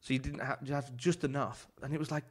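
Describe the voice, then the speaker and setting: A man's voice: medium pitch, steady tone, fast talker. A man, a chef and author, telling long rambling stories in a casual podcast chat, full of "like" and swearing.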